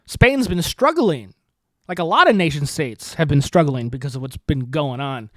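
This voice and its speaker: A man's voice: a little high, lively intonation, moderate pace, fairly bright tone, dry recording, clean studio sound. A man hosting a podcast, rambling with sarcasm, swearing freely and laughing at his own jokes. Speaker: podcast host. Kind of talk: casual profane commentary.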